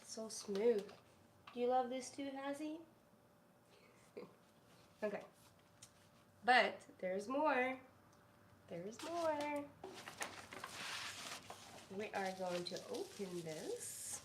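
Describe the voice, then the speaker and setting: Woman streamer, higher voice, slow rambling chat, echoey room with faint hiss. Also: expressive. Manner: chatty and rambling, cooing baby talk to her dog. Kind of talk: casual live-stream chat.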